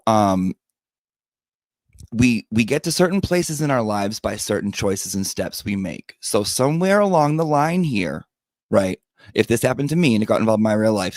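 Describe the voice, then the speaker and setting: A man with a low-pitched voice hosts his own show, telling stories in a sassy, profane and theatrical way. The recording is dry and close, with no room sound. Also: a little mellow, no room sound. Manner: sassy, profane, dramatic retelling of quarrels. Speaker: podcast host. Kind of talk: profane storytelling monologue.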